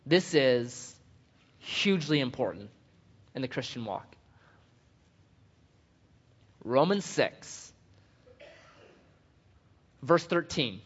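A man preaching a sermon as a pastor, joking and animated, swinging from loud bursts to hushed asides. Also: medium pitch, extremely slow, pauses often, slightly rough. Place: church sanctuary. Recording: dull sound with long hall reverb.

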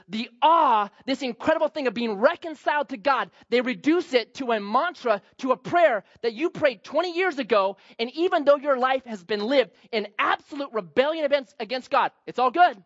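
A male pastor preaches with animated swings, rising to loud emphasis, then dropping to quiet, low asides. His pitch moves widely, and the recording sounds dull and lo-fi. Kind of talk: sermon.

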